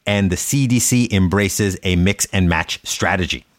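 Low-voiced male podcast doctor. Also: moderate pace, no echo. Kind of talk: casual podcast chat.

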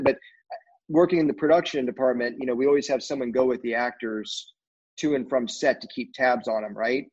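A man's voice: medium pitch, slightly rough. Man telling rambling stories, lo-fi sound. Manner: rambling, animated, frequent fillers and restarts. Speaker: cinematographer telling career stories. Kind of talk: casual storytelling interview. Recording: dull lo-fi audio.

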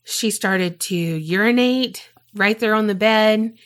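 A woman co-hosting a podcast, telling a story in casual chat, animated and swearing freely. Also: medium pitch, takes it slowly. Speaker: podcast co-host.

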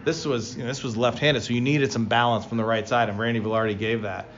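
A man co-hosting a casual baseball talk show, telling player stories with lively excitement. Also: quick pace, highs cut off. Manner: storytelling, animated, rising pitch when excited. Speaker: baseball podcast co-host, former player. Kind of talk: casual sports chat.

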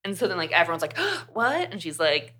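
Chatty young woman with a bright voice. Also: low-pitched, rapid-fire. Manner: chatty, animated retelling with lots of "like". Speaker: podcast co-host. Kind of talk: casual book review chat.

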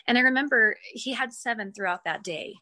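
Bright-voiced woman telling a personal story. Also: fairly high pitch, fairly quick. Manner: animated, acts out her own past reactions. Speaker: guest, mother telling her son's story.

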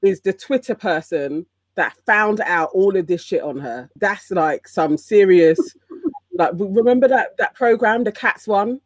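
A woman's voice: mid-range voice, lively intonation, a little slow, no room sound. A woman in a casual chat, talking thoughtfully.

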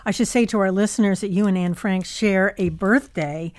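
A woman's voice: medium pitch, moderate pace. A woman interviewing an author in a conversational way, asking probing questions. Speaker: radio interviewer.

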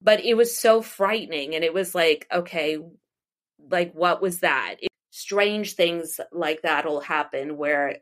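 A woman's voice: lowish voice, slow pace. A middle-aged woman from the United States, an astrologer and psychic medium, telling personal stories in a casual interview, rambling with restarts and laughs.

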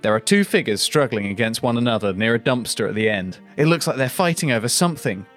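A man's voice: medium pitch, animated, fast, a bit bright. Man reading a script aloud over faint music. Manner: dry read-aloud, stumbling over awkward phrasing. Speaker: podcast co-host.

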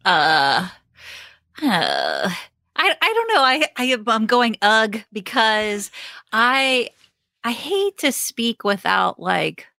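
A young woman chatting on a podcast in a dry, close recording. Her bright voice sits a little high and moves slowly, full of ums, restarts and quick laughs. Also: wildly swooping pitch, creaky, no room sound. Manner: hesitant, many fillers and restarts, laughs often. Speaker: HR consultant and professional coach. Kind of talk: casual podcast conversation.

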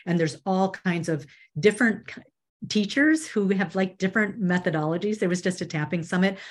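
A woman media trainer, appearing as an interview guest, speaks at normal speed in a mid-range voice. She's earnest and conversational, often restarting sentences and saying "you know".

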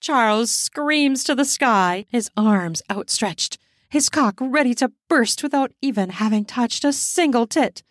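A woman narrating an erotic story slowly and deliberately as a podcast host. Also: a little high, expressive, no echo, studio quality.

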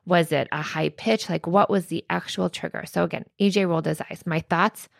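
A woman therapist talks through a method in relaxed, chatty podcast style. Her voice sits a little low, with a gravelly fry, and the recording is close and dry. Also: fairly quick, no room sound. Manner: conversational, frequent "like" and "right?", laughs lightly. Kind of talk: casual explanatory chat.

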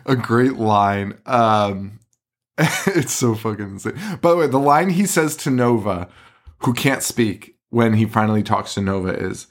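A man's voice: medium pitch, takes it slowly. A man co-hosting a podcast, casually recapping a film with a lot of swearing, laughter and mocking voices for the characters. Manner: profane, animated retelling with mock voices. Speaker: podcast co-host.

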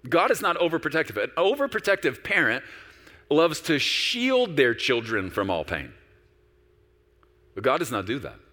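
A man preaching a sermon as a pastor, animated and conversational, acting out quoted voices. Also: mid-range voice, moderate pace, long pauses, big-room sound.

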